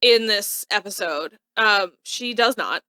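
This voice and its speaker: Lively woman recapping a TV show. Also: medium pitch, slow pace, no echo. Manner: lively, animated retelling with frequent "like". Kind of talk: casual chat.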